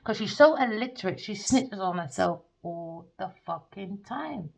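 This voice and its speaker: A woman's voice: medium pitch, expressive, measured pace, gravelly. A woman giving a profane, scornful rant as a tarot reader. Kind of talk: ranting monologue. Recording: dull lo-fi recording.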